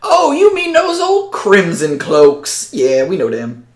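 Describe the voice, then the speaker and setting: A man doing a slow, drawling swamp villager. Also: sits high, huge pitch swings, echoey room, voice pushed up, heavily acted. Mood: folksy. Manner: slow rural drawl, folksy.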